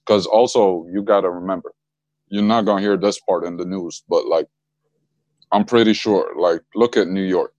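A young man from Egypt talks loosely over a video call, his voice very low and steady. The sound is dry and close, with no room around it. He drops slang and laughs easily as he goes. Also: normal speed, dry recording, dull audio. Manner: relaxed, laughs often, slangy. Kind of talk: casual chat.

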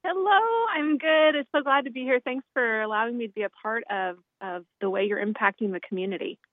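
A woman's voice: a little high, brisk, no echo. A woman guest and nonprofit founder calling in from a closet at home, telling her story in an earnest, candid way. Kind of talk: conversational interview storytelling. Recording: dry, tinny phone-like line.

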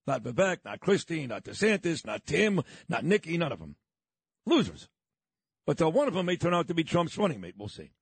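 Husky, combative talk radio host. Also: male voice, a little high, wildly swooping pitch, fairly quick, no echo. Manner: fired-up, blunt and combative. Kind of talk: talk radio monologue and interview. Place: radio studio. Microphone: studio microphone.

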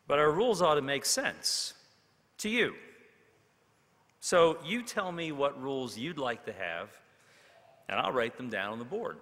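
A man playing a calm young country schoolteacher who speaks in a plain, homespun way. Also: medium pitch, big-room sound.

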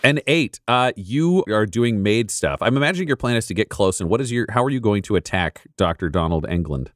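A man's voice: on the low side, animated, brisk, no echo. A man running an improvised tabletop horror-comedy game as game master, setting scenes playfully and vividly in a studio. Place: production studio.

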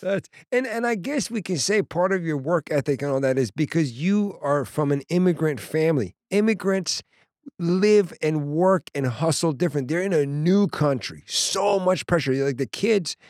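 A man hosting a casual interview, an animated storyteller who acts out voices and laughs often. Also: on the high side, moderate pace, no room sound, studio quality. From Persian background. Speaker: podcast host.

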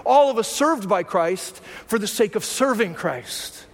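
A man's voice: sits high, lively intonation, measured pace. A man preaching a sermon to his congregation in a church, conversational and full of rhetorical questions. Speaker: pastor. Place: church sanctuary. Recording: long hall reverb.

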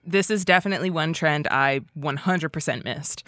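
A woman co-hosts a podcast with a wry, questioning manner. Her voice is fairly low and sounds dry and close, with no room echo. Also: normal speed, fairly bright tone. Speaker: podcast co-host. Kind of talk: casual chat.

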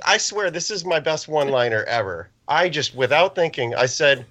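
A man's voice: on the high side, big pitch swings, normal speed, hardly any pauses, fairly bright tone, no room sound. A man co-hosting a casual sports podcast, telling a rambling story and enjoying his own jokes. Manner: rambling storyteller, self-amused. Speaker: co-host. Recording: dull lo-fi, dry.

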